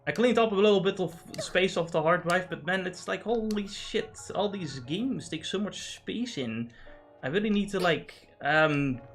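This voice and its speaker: A man's voice: sits high, expressive, moderate pace, a bit bright, faint music behind. A man streaming a game, chatting in a rambling, jokey way and swearing freely. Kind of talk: casual gaming livestream chat.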